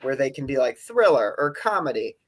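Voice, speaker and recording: A young podcast co-host in a casual movie review chat, animated and exasperated when ranting. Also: medium pitch, a little fast.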